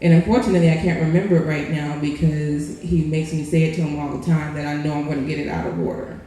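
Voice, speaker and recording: A woman's voice: sits low, fairly even intonation, fast talker, mellow. A woman performing erotic spoken-word poetry at a live open mic in a lounge, sultry and playful, with laughing asides to the crowd. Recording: very echoey live room.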